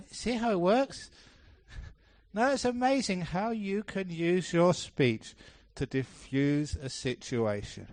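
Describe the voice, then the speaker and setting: A man, a Buddhist monk, giving a dharma talk at a retreat, telling stories with lots of changes in pitch and pace and laughing often. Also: lively intonation, unhurried, no echo. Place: temple hall, live talk.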